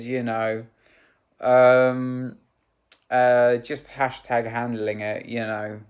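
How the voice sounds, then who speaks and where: Slow, rambling man. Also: medium pitch, steady tone. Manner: rambling and halting, full of "you know" and restarts; candid and emotional. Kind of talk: personal storytelling vlog.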